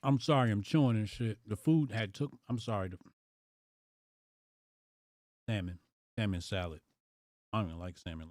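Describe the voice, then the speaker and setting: A man's voice: lowish voice, fairly quick, darkish tone, no echo, studio quality. A man hosting a casual live stream, reacting aloud to headlines in loose slang. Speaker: livestream host.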